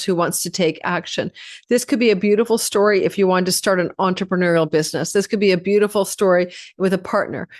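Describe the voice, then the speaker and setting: A woman's voice: fairly low pitch, no room sound, studio quality. A woman astrologer giving a casual monthly horoscope forecast, chatty and rambling, often correcting herself mid-sentence.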